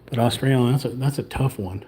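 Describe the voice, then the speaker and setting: A man's voice: medium pitch, fairly quick, warm tone, breathy edge. A man hosting a livestream, chatting casually and rambling while he paints at a table, sometimes trailing off into muttering. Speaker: livestream host.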